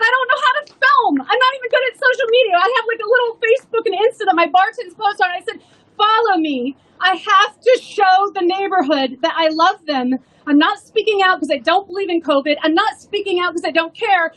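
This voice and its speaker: A woman's voice: extremely high pitch, brisk, fairly bright tone, poor audio. A woman, a restaurant owner, telling an emotional story in an earnest rally speech.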